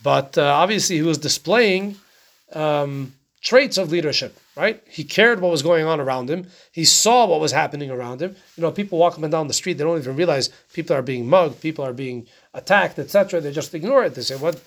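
A man's voice: a little high, animated, a little fast, a bit bright. A man teaching a casual Torah class, talking conversationally, often asking rhetorical questions and checking in with "right?".

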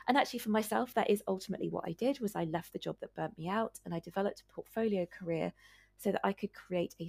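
Husky woman, earnest podcast advice. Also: mid-range voice, a little mellow, no echo. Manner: earnest, advising listeners directly. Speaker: doctor and podcast host. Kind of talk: solo podcast monologue.

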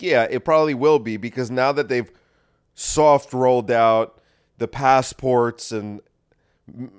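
A man rambling through a solo podcast monologue at a middling pitch, his voice thick and congested. He swears freely and leans on sarcasm as he drifts from point to point. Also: smooth. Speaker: podcast host.

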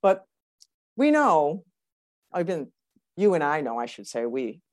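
Lower-voiced woman host, empathetic. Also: sing-song, unhurried. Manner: empathetic, encouraging. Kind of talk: conversational interview.

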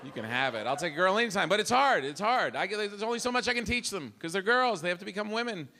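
A middle-aged man performing a live stand-up routine, animated, acting out the voices of his family. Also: high voice, fast, some chatter behind. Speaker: stand-up comedian. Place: comedy club stage. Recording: live club with audible room noise.

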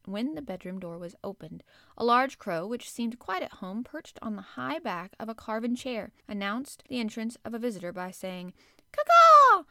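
A woman narrating a children's classic in a measured storytelling manner. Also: fairly high pitch, lively intonation, gravelly, a bit bright, dry recording. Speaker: audiobook narrator. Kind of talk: scripted narration.

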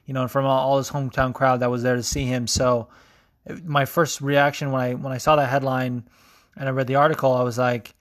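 A young man hosting a podcast, chatting casually through sports news with lots of ums, restarts and offhand swearing. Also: mid-range voice. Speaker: podcast host.

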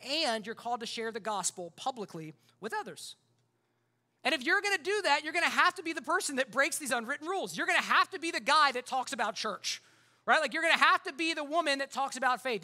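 Male pastor, sermon delivery: quick, bright, impassioned and conversational, leaning on rhetorical repetition. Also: extremely high pitch.

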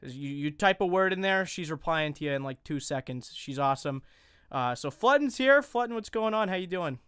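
A man's voice: fairly high pitch, expressive, a bit bright, clear, resonant tone, no room sound, studio quality. A young man hosting a casual podcast, chatty and teasing as he introduces guests. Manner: joking, chatty, quick to tease. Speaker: podcast host.

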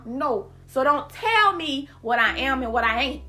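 A woman's voice: high voice, animated, moderate pace, few pauses, sharp tone, faint music behind. A woman from South Carolina with a Geechee accent, hosting a casual solo podcast, chatty and emphatic, repeating words and using slang. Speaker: podcast host.

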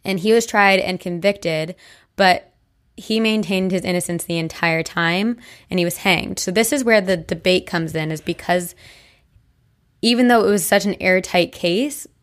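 A woman's voice: lowish voice, moderate pace. Chatty young woman telling a ghost story. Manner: chatty, many likes and restarts. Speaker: podcast co-host. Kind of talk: casual storytelling chat.

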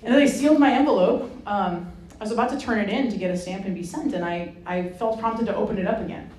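A woman from Rhode Island speaks as a guest, telling a personal story with a lively, self-mocking touch and acting out the voices of the people in it. Her voice sits at a middle pitch. The sound carries a roomy echo. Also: fast talker. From Rhode Island, USA. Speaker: guest speaker, Franciscan sister. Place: hall with an audience.

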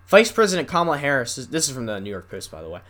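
A young man hosting a solo podcast, rambling casually and reading news stories aloud haltingly with asides. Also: mid-range voice, very animated, a bit bright. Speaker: podcast host.

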